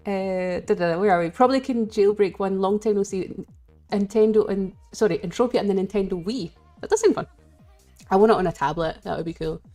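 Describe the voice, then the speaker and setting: A woman's voice: mid-range voice, a little fast, mellow, soft background music. A Scottish woman chatting casually with viewers on a live game stream, rambling and giggling as she greets people.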